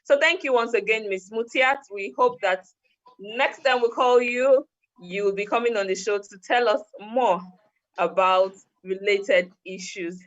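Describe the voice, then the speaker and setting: A woman's voice: mid-range voice, a little slow. A woman host with a mid-range voice closes the show, thanking her guest and naming the sponsors. Her delivery is polite and formal, and the recording is dull and lo-fi. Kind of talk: formal sign-off. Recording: dull lo-fi sound.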